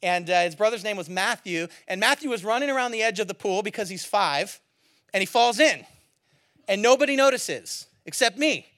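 A man's voice: high-pitched, lively intonation, moderate pace, a bit bright, dry recording, studio quality. A man preaching a sermon as a pastor, casual and joking in a conversational way.

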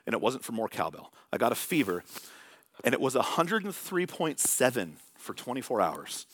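A middle-aged male pastor preaching a sermon in a conversational storytelling manner, dropping to soft, hushed tones on key points. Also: mid-range voice, no echo.

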